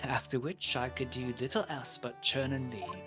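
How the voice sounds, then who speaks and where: A man's voice: medium pitch, fairly even intonation, normal speed, over music, close to an everyday voice. A man reading game lines aloud as an eccentric, pompous male Victorian detective with a grand, theatrical delivery.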